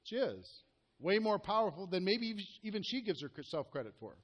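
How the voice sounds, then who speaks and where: A man's voice: sits high, big pitch swings, moderate pace, muffled recording. A man coaching a live group, talking earnestly and directly and often asking the room questions. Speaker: network marketing coach.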